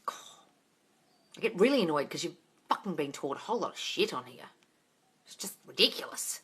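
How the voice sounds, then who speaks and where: A woman in her forties answering viewers' questions on a phone livestream at home, blunt and exasperated, swearing and often shouting. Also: deep voice, very animated, normal speed, long pauses, breathy edge. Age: 40s. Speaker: manifesting coach answering live questions.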